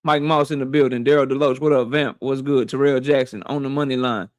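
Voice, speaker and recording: A man hosting a boxing livestream, shouting out viewers by name in loose, slangy casual talk. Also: medium pitch, steady tone, brisk, no room sound, clean studio sound.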